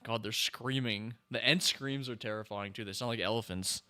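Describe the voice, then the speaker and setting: Excitable young man reacting to a film. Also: fairly low pitch, normal speed. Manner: excitable, exclaims and talks back to the screen. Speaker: podcast host. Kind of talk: casual movie reaction commentary.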